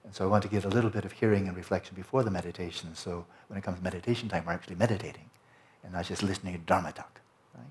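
A man teaching a Buddhist Dharma talk, explaining slowly and lingering over Tibetan and Sanskrit terms. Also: deep voice, fairly even intonation. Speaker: meditation teacher.

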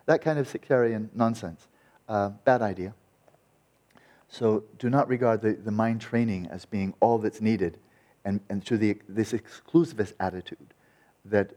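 Wry, low-voiced man giving a dharma talk. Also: a little slow. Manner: lively, wry and sarcastic, with frequent restarts. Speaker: Buddhist meditation teacher.

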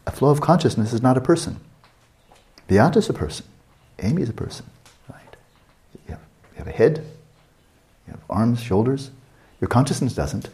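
A man guiding a meditation session as a teacher, unhurried and questioning, often checking in with his listeners. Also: medium pitch, sing-song, warm tone.

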